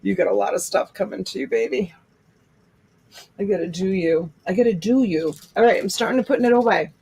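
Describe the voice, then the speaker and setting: A woman's voice: medium pitch, fairly quick, vocal fry, darkish tone, a little hiss or hum. A woman hosting a casual live-stream jewelry sale, gushing over pieces and joking with viewers. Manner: gushing, exclaims over items, laughs often. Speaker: host selling jewelry lots in a live stream.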